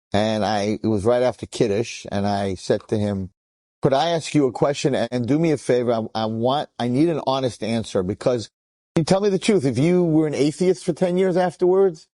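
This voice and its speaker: A man, a rabbi, telling an inspirational story to young listeners with lively, acted-out quotes. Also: no echo. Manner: animated, acts out the old survivor's words with big pitch jumps.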